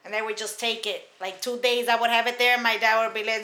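A woman's voice: fairly high pitch, steady tone, fairly quick, pushed and bright. A young adult woman co-hosting a casual podcast chat, talking bluntly and with lots of swearing. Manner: blunt and profane, recounting her youth with laughs. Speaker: podcast co-host. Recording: echoey room.

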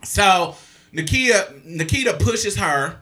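Young guy telling a wild story, really animated, bright voice. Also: high-pitched, takes it slowly. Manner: animated, profane, breaks into loud exclamations. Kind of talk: casual storytelling chat.

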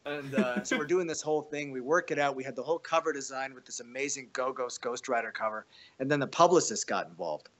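A man tells a wild story in fast, casual, profane conversation, his voice a bit bright. He acts out the quotes with jumps in pitch, making the storytelling animated.

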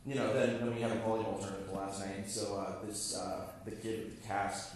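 A man's voice: lowish voice, level tone, fairly quick, background noise. A young man telling a funny personal story on stage before a live audience, laughing at himself and acting out other people's voices. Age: young adult. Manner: self-mocking, laughing, acts out voices of others. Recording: echoey hall from far off, live crowd.

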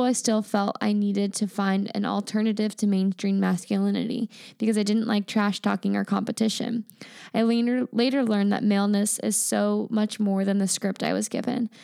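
A woman's voice: mid-range voice, creaky, dark tone, no room sound, clean studio sound. A woman co-hosting a podcast in casual chat, affirming her co-host and reading listener stories aloud.

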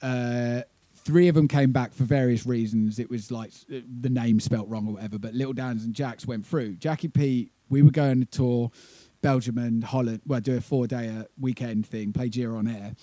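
A man's voice: medium pitch, fairly even intonation, moderate pace, few pauses, mellow, no echo. A man telling a rambling, swearing tour story with laughs in casual chat. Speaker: touring band member.

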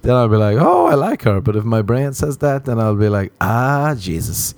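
A young Irish man hosting a podcast, rambling through a comic, self-mocking monologue and sliding into high mock voices. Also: normal speed, darkish tone, no echo. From Ireland. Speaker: podcast host. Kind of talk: casual comedic monologue.

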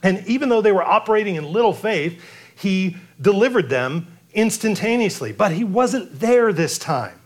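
Guy preaching a sermon, pretty high voice, acts out the quotes. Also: expressive, normal speed. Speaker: pastor.

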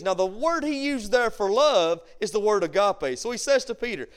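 High-voiced preaching pastor. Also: male voice, very animated, normal speed, few pauses, clean tone. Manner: preaching with sudden swings from hushed to loud; reads King James scripture aloud. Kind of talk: sermon. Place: church sanctuary.

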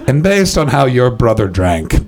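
A man's voice: medium pitch, big pitch swings, moderate pace, a little mellow. A man doing improvised stand-up on a club stage, teasing the audience with a wry, swearing, handheld-mic delivery. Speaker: stand-up comedian. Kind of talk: improvised stand-up with crowd work.

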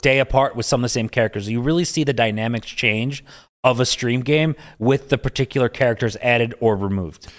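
A man's voice: mid-range voice, brisk. A man from upstate New York, a poker player guesting on a podcast, talking in a loose, rambling way full of filler words. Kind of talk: casual podcast chat.

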